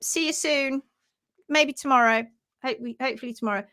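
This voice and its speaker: A woman's voice: sits high, fairly quick, sharp tone. A woman presenting a casual live stream on hoof care, chatty and giggly.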